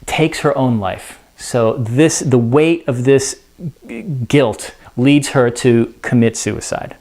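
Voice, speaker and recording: A man teaches a literature lesson in an easy, conversational way. He often drops in "you know" and restarts his sentences. His voice sits at a middling pitch. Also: slow pace, darkish tone. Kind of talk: casual spoken literature lesson.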